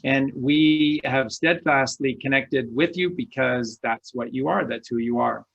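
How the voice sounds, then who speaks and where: A man's voice: medium pitch, a little slow, creaky, a bit bright, dull audio. A man co-hosting an online show, talking in an impassioned, preachy way and repeating his encouragement. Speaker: show co-host. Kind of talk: impassioned conversational speech.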